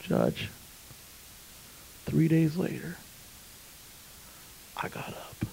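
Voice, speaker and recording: A man preacher voicing Jesus, calm and earnest, speaking low and hushed. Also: extremely slow, creaky, in a whisper, exaggerated voice, rough recording. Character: Jesus, pleading calmly before a judge, male.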